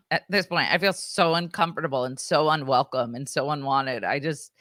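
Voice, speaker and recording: A woman's voice: deep voice, normal speed, a bit bright, dry recording, clean studio sound. A woman in her thirties co-hosting a podcast, chatting casually through a story with lots of fillers and acted-out quotes. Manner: chatty, filler-heavy, acts out quoted voices. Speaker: podcast co-host.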